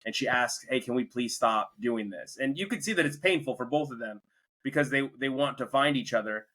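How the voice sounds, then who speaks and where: A man's voice: mid-range voice, a little fast, sharp tone, low-quality recording. A young man hosting a podcast, casually retelling a film's plot in a rambling way. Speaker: podcast host. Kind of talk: casual movie review chat.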